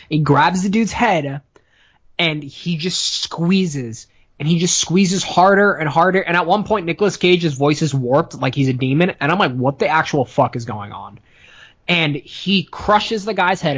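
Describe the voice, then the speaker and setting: A man co-hosting a casual movie review chat, retelling the plot in a profane, animated way. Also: on the high side. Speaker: podcast co-host.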